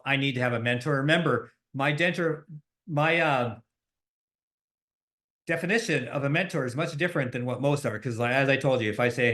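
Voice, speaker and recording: Talking about mentorship on his podcast, this middle-aged host has a fairly high-pitched, somewhat bright voice. He keeps it casual and conversational, with lots of fillers and restarts.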